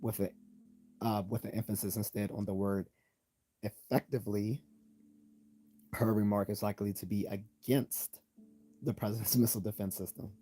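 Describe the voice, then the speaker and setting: A man talks through logical fallacies on a live stream in a deep voice. His tone is mellow and unpolished, full of ums, restarts and read-aloud definitions. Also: level tone, breathy edge. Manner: loose, halting delivery with many ums and restarts; reads out definitions and examples. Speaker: channel host.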